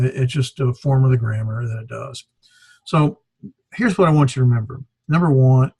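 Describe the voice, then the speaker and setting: A man's voice: mid-range voice, a little mellow, breathy edge, no echo. A man teaching a beginner Greek class, talking off the cuff with many fillers and self-corrections. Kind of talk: classroom lecture.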